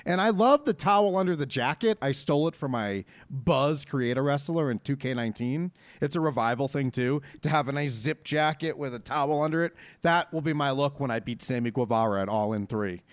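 A man's voice: medium pitch, a little fast, hardly any pauses, dry recording. A man hosting a podcast in casual chat, riffing with a profane, mock-hyped manner. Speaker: podcast host.

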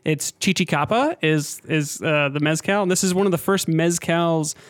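A man's voice: on the high side, moderate pace, dry recording. A man appearing as a guest mixologist on a podcast in a studio, explaining things with a little hesitation. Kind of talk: casual chat.

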